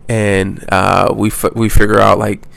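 A young man from the United States tells a travel story in a loose, rambling way, swearing freely and restarting his sentences. His voice sits low and flat, with a gravelly edge. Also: measured pace. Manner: rambling, profane, full of restarts. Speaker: travel vlogger. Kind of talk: casual storytelling.

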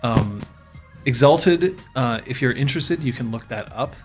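A man's voice: mid-range voice, animated, unhurried, over music. A man hosting a tabletop stream, chatting casually with many fillers and restarts. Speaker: game master and stream host. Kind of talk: casual announcement chat.

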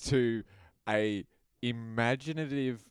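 A man's voice: mid-range voice, slow, smooth, no echo, clean studio sound. A man co-hosting a comedy podcast, laid-back and sardonic, swearing casually. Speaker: podcast co-host.

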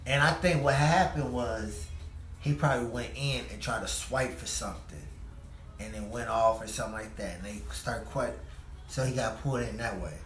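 A man co-hosting a casual podcast about TV shows, talking through plot theories in a relaxed, slangy way. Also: mid-range voice, soft background music. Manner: relaxed, slangy, unhurried storytelling. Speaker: podcast co-host. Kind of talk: casual TV review chat. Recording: echoey room with faint noise.

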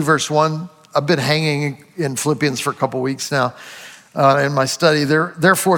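Man, pastor, earnest sermon, high voice, reverberant hall. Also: creaky, a bit bright. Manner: earnest, halting restarts, quoting scripture.

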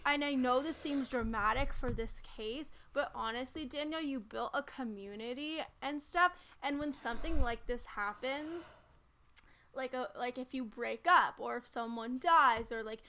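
A woman's voice: high voice, normal speed, pushed and bright. A woman co-hosting a podcast who talks in an earnest, supportive way in casual chat. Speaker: podcast co-host.

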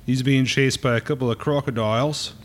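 A man hosting a relaxed chat, moving things along and describing magazine pages plainly. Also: medium pitch, a little fast, a little hiss or hum. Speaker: podcast host. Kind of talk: casual group chat.

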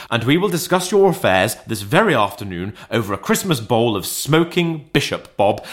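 A man's voice: mid-range voice, a bit bright. A man voicing an old miser in a storybook reading, with a growling, hearty manner. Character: old male miser turned jovial, gruff.

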